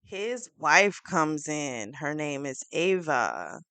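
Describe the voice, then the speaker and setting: A woman's voice: deep voice, slow pace, no room sound. Chatty woman retelling a book. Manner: chatty, animated storytelling with fillers. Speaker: book reviewer. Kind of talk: casual book review retelling.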